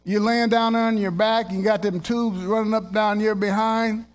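A man with a high voice preaching an animated sermon. He is jokey, repeats his points for emphasis and slips into playful voices to act out everyday scenes. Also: moderate pace, soft background music.

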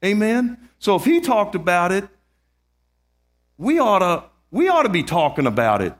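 A man's voice: high voice, big pitch swings, normal speed. A man preaching a sermon, emphatic, repeating key words and calling out amen to his congregation, often restarting his sentences.

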